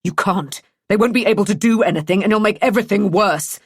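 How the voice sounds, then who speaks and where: A woman reading an audiobook, voicing a sharp, controlling husband who speaks curtly and with sarcasm. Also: medium pitch, fast talker, slightly rough, no room sound, studio quality. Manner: curt, sarcastic, snapping.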